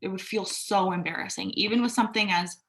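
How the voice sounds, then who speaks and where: A woman's voice: medium pitch, fairly even intonation, fast talker. A young adult woman giving a reflective, casual self-care talk, candid and conversational, who swears now and then and acts out quoted voices. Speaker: astrology and self-care podcaster.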